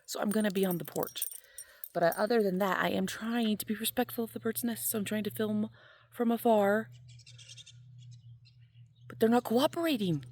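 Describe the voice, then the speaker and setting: A woman's voice: mid-range voice, normal speed, pauses often, a little mellow. A woman, chatting casually to camera in a rambling, self-deprecating vlog. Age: 40s. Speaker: vlogger.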